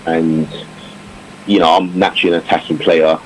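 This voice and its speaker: Deep-voiced man, reflective and rambling. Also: flat delivery, normal speed, rough recording. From England. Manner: reflective, many fillers and restarts. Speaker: former cricketer, guest. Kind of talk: casual interview talk. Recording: faint background noise.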